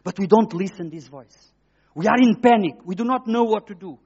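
A man's voice: high-pitched, brisk, a crowd in the background. Dramatic preacher man, dull lo-fi recording. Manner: dramatic, swings between hushed and loud; simple, broken phrasing. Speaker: guest preacher giving testimony. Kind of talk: emotional testimony sermon.

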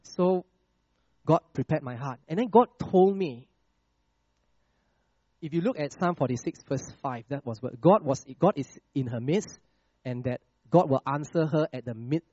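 A man preaching a sermon with a personal testimony, checking in with the congregation with "all right?" and "okay?" and dropping to a hush on scripture lines. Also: medium pitch, no echo, lo-fi sound. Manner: slows and drops to a hush on scripture phrases.

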